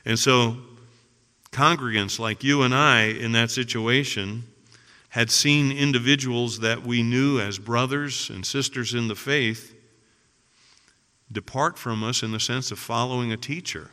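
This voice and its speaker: A man's voice: medium pitch, fairly even intonation, measured pace, pushed and bright, smooth. A man preaching a sermon to his congregation, earnest and building emphasis through repetition. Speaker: pastor. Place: church sanctuary. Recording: long hall reverb.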